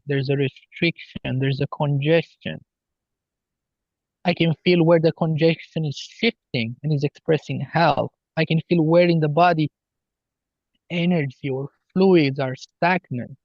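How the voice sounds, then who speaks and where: A man talking as a healer guest on a podcast, slow and earnest as he explains spiritual ideas. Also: a little high, steady tone, no room sound, dull audio. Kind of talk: podcast interview.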